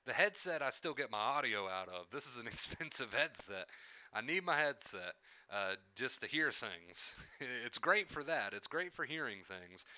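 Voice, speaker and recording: Man, live streamer, casual chat, repeats himself, headset mic, smooth voice, dry sound. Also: medium pitch, big pitch swings, normal speed, bright, forceful tone, dry recording, lo-fi sound. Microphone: headset microphone.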